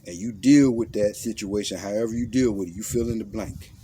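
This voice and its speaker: A motivational self-defense speaker, a man with a warm, lowish voice, talks fairly quickly over slight background noise. His monologue is blunt and intense, walking the listener through a visualization with slang and commands.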